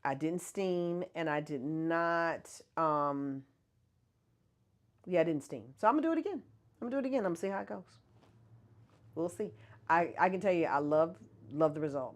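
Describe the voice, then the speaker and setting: Host, female, low-pitched, chatty livestream delivery. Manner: chatty, answers viewer comments, laughs often. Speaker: host of a hair care brand livestream. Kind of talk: casual livestream chat.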